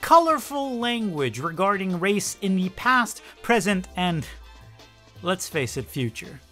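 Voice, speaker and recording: A woman's voice: medium pitch, very animated, unhurried, a bit bright, soft background music. A young woman from the Netherlands with a Dutch accent, narrating a sarcastic, profanity-laced commentary video. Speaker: YouTube commentator.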